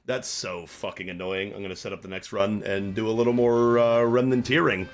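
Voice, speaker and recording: A man's voice: lowish voice, fairly even intonation, fairly quick. A man streaming a game live, swearing in frustration and chatting with his viewers. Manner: profane, exasperated, chatting with viewers. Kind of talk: live gameplay commentary.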